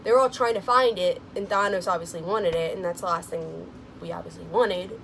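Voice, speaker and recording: A young woman vlogger chatting casually about a movie she just saw, gushing and excitable, with lots of "like"s, laughs and sighs. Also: brisk, gravelly, a little hiss or hum. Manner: gushing and excitable, many "like"s, laughs and sighs, swings into squealing high quotes. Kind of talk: casual chat.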